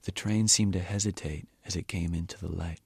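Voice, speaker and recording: Low, gravelly man reading quietly. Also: steady tone, dry recording. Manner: measured, quiet, at times near a whisper. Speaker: author reading his novel. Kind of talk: audiobook-style reading.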